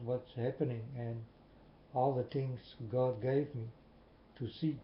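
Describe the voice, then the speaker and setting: Man talking very slowly and earnestly straight to camera, muffled echoey recording. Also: mid-range voice, level tone. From Netherlands. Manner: slow, repetitive, earnest questioning. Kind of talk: slow earnest monologue to viewers. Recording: muffled, echoey room with faint hiss.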